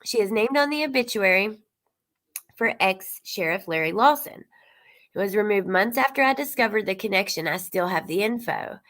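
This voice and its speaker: A woman's voice: medium pitch, expressive, normal speed, a bit bright. A woman YouTuber giving casual, rambling true-crime commentary and talking straight to her viewers. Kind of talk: casual commentary reacting to clips.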